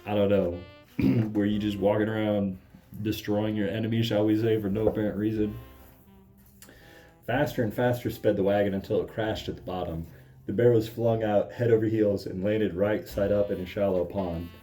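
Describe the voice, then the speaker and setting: Deadpan sarcastic man reading aloud. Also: fairly low pitch, normal speed, soft background music. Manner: deadpan, mocking asides. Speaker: comedic reader. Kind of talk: sarcastic read-aloud commentary.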